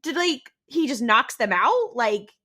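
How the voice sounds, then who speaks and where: Young woman co-host, higher bright voice, giggly, excitable fan reactions. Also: unhurried. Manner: giggly, excitable, quotes characters. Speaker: podcast co-host. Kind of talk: casual rewatch podcast chat.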